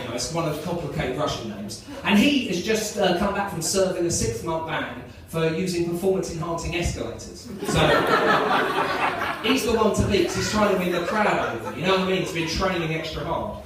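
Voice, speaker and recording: A man does live stand-up in a chatty, self-mocking way. His voice sits fairly high. He is heard from a distance in an echoey club over a noisy room. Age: 30s. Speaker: stand-up comedian. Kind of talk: live stand-up with crowd work. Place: comedy club.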